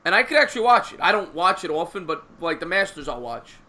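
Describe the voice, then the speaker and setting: Male stream host, bright and raised in pitch, rambling casual talker. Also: very animated, fast. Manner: rambling, laughs often. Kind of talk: casual chat.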